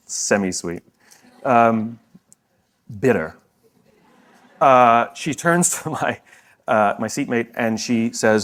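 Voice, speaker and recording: Animated man telling a story on stage. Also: extremely slow, long pauses. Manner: animated storytelling, sweeping pitch swings; self-deprecating humor, often laughs. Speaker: speaker. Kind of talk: motivational talk.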